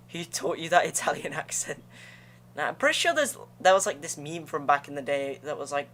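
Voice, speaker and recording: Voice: medium pitch, expressive, normal speed, a bit bright, slight background noise. A young adult streamer giving casual, slangy commentary to viewers while playing a game. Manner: slangy, chatty, talks to viewers between attempts. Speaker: gaming streamer.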